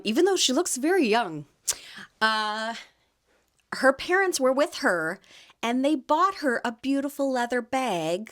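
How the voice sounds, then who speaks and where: A woman's voice: a little high, a bit bright. A woman in her thirties hosting a podcast, chatting casually and animatedly about her weekend as a market vendor, with frequent fillers and laughs. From Canada. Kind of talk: casual chat.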